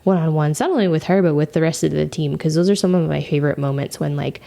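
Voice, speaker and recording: A woman co-hosting a podcast, talking casually with lots of fillers and quick laughs. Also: low-pitched, creaky, dark tone. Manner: chatty, many fillers and laughs. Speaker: podcast co-host. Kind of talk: casual chat.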